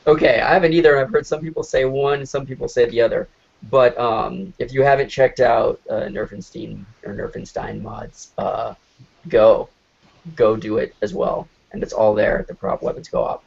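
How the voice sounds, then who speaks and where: A man's voice: mid-range voice, steady tone, moderate pace, vocal fry, darkish tone. A man co-hosting a podcast, upbeat and chatty, asking loose questions and laughing easily. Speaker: podcast co-host. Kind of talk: casual podcast chat. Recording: dull lo-fi remote call audio.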